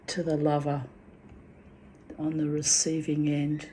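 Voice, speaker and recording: A woman's voice: low-pitched, little pitch movement, measured pace, dark tone, a little hiss or hum. A woman speaking in a raw, emotional monologue, venting and swearing about love and men. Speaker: spiritual vlogger.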